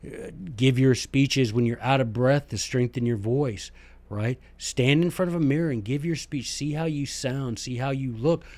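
A man's voice: medium pitch, normal speed, a little mellow, no room sound. A man hosting a podcast in a casual monologue, talking with lots of fillers and asides and muttering some comments under his breath. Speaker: podcast host; former teacher, book club leader.

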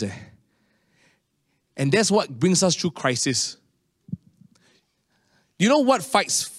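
Guy preaching, kinda high voice, bouncy storytelling, dry close sound. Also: no room sound. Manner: animated storytelling, rising to high excited tones. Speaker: pastor. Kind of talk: sermon.

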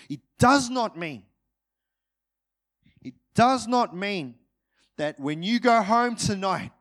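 A man preaching a sermon to his congregation, moving between urgent, loud peaks and hushed, drawn-out phrases. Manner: dynamic, swings from loud urgent peaks to hushed low delivery.

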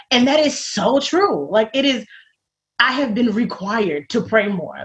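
A woman as an interview guest in casual faith-centred chat, animated and laughing often, acting out the voices she quotes. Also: mid-range voice. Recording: dull lo-fi recording.

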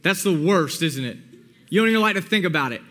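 A young man preaching a sermon, praying earnestly and then retelling a parable in a lively way. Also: high voice, fast. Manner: earnest, pleading prayer, then animated retelling. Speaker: pastor. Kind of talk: sermon with prayer and scripture reading.

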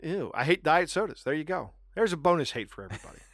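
Animated, self-mocking man chatting. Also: fairly high pitch, fast, no room sound, studio quality. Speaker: podcast co-host. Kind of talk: casual chat.

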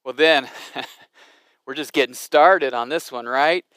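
A man's voice: medium pitch, slow, fairly bright tone, no room sound, studio quality. A man preaching a sermon in an emphatic, dramatic way, with frequent restarts. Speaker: pastor.

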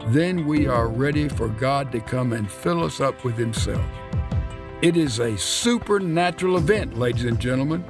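A man preaching a radio sermon, reading scripture aloud and explaining it in an earnest, emphatic way that lingers on key words. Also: mid-range voice. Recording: long hall reverb with faint music.

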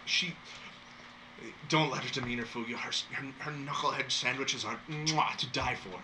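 A man voicing a friendly, effusive tiefling ferry owner who flatters everyone he meets. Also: mid-range voice, moderate pace, noisy background, lightly acted. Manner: flattering, talkative, self-deprecating.

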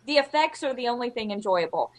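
Podcast co-host, a woman with a fairly high voice, chatty and exasperated, acts out every quote. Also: quick pace, a crowd in the background. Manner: animated storyteller, acts out quotes in exaggerated voices; exasperated, rambling complaints. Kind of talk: casual chat.

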